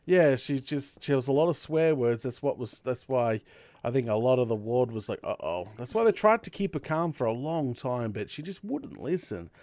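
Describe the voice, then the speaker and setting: A young Australian man, a streamer host, telling a story in casual chat with laughter and lively retelling. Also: medium pitch, moderate pace, no echo.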